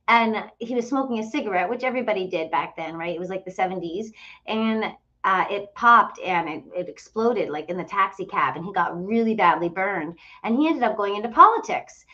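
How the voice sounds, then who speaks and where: A woman's voice: mid-range voice, pushed and bright, lo-fi sound. A woman casually telling a travel story to her followers, chatty and full of fillers and quoted dialogue. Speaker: host of a travel group channel.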